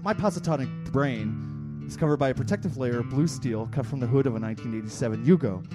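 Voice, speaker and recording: A man quoting a gentle female robot. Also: medium pitch, fast, over music, voice pushed down, close to an everyday voice. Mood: calm.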